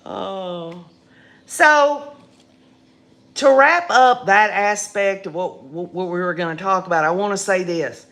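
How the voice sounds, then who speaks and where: An older woman with a raspy voice and a drawl hosts a laid-back live stream, reading out viewer comments. She talks at an unhurried, easygoing pace in a folksy, chatty manner. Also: medium pitch, a bit bright. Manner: slow, folksy and chatty, laughing often.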